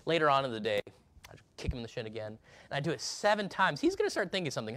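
A male pastor preaching a sermon, emphatic, swinging between loud and hushed delivery. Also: medium pitch, big pitch swings, very fast.

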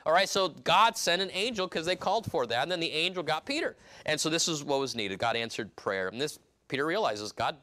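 A man preaching an expository sermon, reading scripture aloud and acting out the scenes in lively voices. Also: fairly high pitch. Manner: animated, reads scripture aloud and acts out scenes.

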